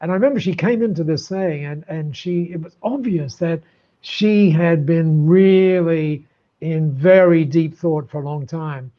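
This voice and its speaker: Animated older man telling stories. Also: fairly high pitch, a little slow, highs cut off. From Australia. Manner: animated, repeats words while building up a story. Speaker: podcast guest. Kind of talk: storytelling in an interview. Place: room lined with books.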